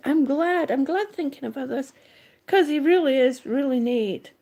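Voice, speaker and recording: A woman's voice: high voice, lively intonation, unhurried, darkish tone. A woman who is out of breath, chatting casually on a livestream, greeting viewers and reading their comments, often trailing off and restarting. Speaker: livestream vlogger.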